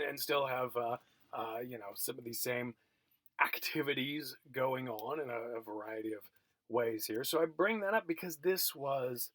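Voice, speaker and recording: A man's voice: mid-range voice, fairly bright tone, no room sound. Chatty self-mocking male lecturer, dry sound. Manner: chatty, self-mocking, many fillers and restarts. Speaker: college geography instructor. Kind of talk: recorded remote lecture, storytelling. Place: at home, recorded for remote teaching.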